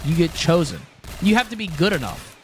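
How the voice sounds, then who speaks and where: A man's voice: on the high side, big pitch swings, fairly quick, a little hiss or hum. A young man livestreaming, chatting casually with viewers in a joking, rambling way. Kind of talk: casual stream chat with viewers.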